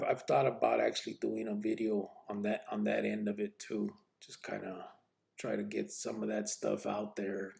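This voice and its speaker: A man's voice: on the low side, creaky, mellow. A man hosting a podcast, telling personal stories in a rambling, laid-back way, full of street slang, profanity and constant fillers. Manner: constant fillers like "you know what I mean". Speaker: podcast host. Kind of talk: casual personal storytelling.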